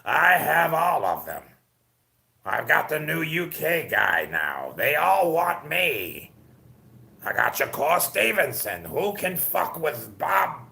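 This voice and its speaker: A man impersonating a boastful elderly boxing promoter, speaking slowly and gloatingly. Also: a little high, very animated, gravelly, pushed and bright, heavily acted. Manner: slow, gloating, swaggering.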